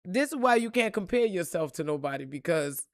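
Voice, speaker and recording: Brief: woman, spiritual vlogger, swears freely, loud bursts then quiet reflection, dry close sound. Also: expressive, brisk, no echo. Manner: blunt, profane, emphatic with repeated phrases; swings between loud outbursts and low reflective tones. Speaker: spiritual reader and motivational vlogger. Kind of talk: motivational monologue.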